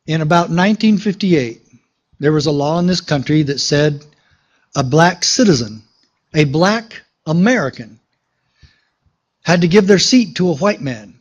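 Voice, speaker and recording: A man's voice: a little high, highs cut off. A man, a sheriff, giving an emphatic political rally speech to a crowd at an outdoor park gathering, telling a story and calling out questions to the audience.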